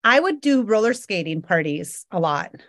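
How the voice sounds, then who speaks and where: A woman on a podcast, chatting casually and recalling things in a relaxed way. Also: medium pitch, moderate pace, no echo, clean studio sound. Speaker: podcast co-host. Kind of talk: casual chat.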